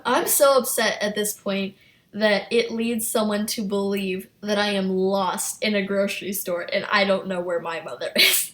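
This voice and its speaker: A young woman recounts an embarrassing childhood story in a casual storytime, animated and full of self-mocking asides. She laughs now and then and talks straight to her viewers. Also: medium pitch. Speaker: YouTuber.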